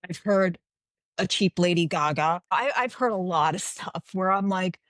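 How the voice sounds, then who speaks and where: A woman in her forties, a guest author chatting in an interview, telling animated stories and acting out the dialogue. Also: lowish voice, moderate pace, no room sound, clean studio sound. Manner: animated storyteller, acts out quoted dialogue. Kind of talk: casual interview chat.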